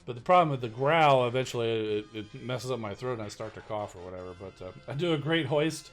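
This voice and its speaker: A man's voice: mid-range voice, animated, brisk, faint music behind. A man hosting a game live stream, chatting casually in an easygoing, self-deprecating way.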